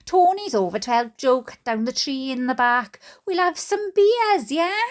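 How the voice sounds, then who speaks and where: A woman's voice: high voice, animated, a little slow, voice pushed up. A Welsh woman voicing a chatty matchmaking schoolteacher with a cheery, coaxing manner while reading a book aloud.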